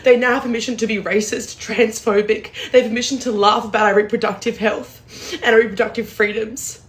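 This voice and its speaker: A woman's voice: on the high side, flat delivery, brisk. A woman from Australia with an Australian accent, speaking earnestly and indignantly to camera. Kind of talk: angry monologue to camera.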